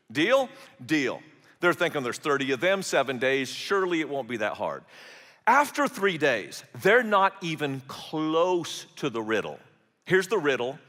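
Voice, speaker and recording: A man's voice: on the high side, sharp tone. A man preaching a sermon, telling the story with animation and briefly acting out the characters' voices. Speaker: pastor. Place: church auditorium. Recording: large hall with long reverb.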